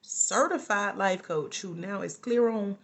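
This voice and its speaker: A woman life coach chatting casually with her live-stream viewers from home, animated and often breaking into laughter. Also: medium pitch, a little slow, vocal fry.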